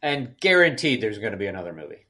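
A man's voice: on the low side, very animated, fast talker, pushed and bright. A man co-hosting a casual podcast who picks apart a film's plot and acts out scenes in raised voices. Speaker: podcast co-host. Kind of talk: casual movie review chat.

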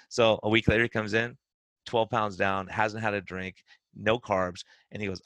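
A man hosting a podcast as a weight-loss coach, telling client stories in a casual, animated way and acting out their words. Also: on the low side, normal speed, creaky, dry recording.

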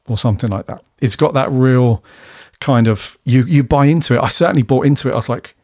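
A podcast co-host with a mid-range, darkish voice talks briskly with hardly any pauses as he loosely reviews a TV episode. His chat is laid-back, sprinkled with casual swearing and frequent laughs, and his voice is recorded close and dry, with no echo.

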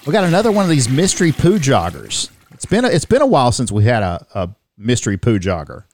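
Co-hosting a comedic news podcast, a man reads headlines aloud and jokes between them, laughing often. His mid-range, slightly mellow voice moves fast with wildly swooping pitch, and soft music plays in the background.

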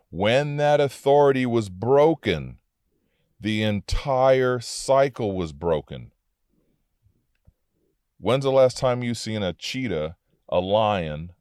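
A man's voice: low-pitched, darkish tone, clear, resonant tone, no echo, studio quality. A man reading Bible verses and explaining them in an earnest, conversational preaching manner, speaking from inside a car. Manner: earnest, conversational preaching, reads scripture aloud then breaks it down. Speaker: minister. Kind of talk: informal Bible teaching podcast.

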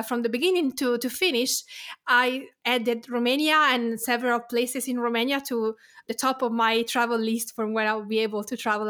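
A woman's voice: fairly high pitch, a bit bright. A woman from Tuscany with an Italian accent, hosting a podcast and chatting with enthusiasm, now and then restarting her words. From Tuscany, Italy. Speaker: podcast host. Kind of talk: podcast intro and casual interview chat.

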